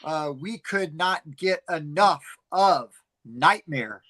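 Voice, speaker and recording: Middle-aged man, podcast co-host, rambling stories, slightly high voice, bright tone. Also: slow pace, low-quality recording. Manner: rambling animated storytelling with many fillers. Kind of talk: casual chat.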